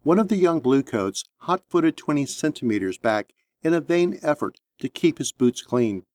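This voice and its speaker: A man narrating an action story in a steady, measured audiobook reading. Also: a little high, no room sound.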